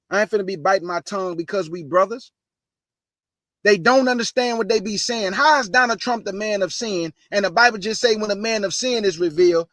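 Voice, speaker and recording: A man with a strikingly high voice preaches to his online audience, fired up and emphatic. He talks in a casual, slangy way, repeats his points, fires off rhetorical questions and keeps calling his listeners family. The sound is dry, with no room echo. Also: pushed and bright. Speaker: online show host and preacher.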